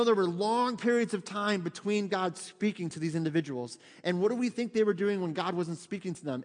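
A man with a high voice preaches a sermon in a church. He talks to the congregation in a lively, chatty way and acts out little quotes. His voice rings with long reverb from the sanctuary. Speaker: pastor.

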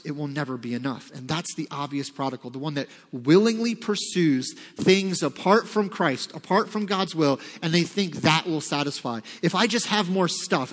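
A man's voice: on the high side, fairly bright tone. A man preaching a conversational sermon, reading scripture aloud and acting out voices. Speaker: pastor. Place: church sanctuary. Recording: long reverb of a large hall.

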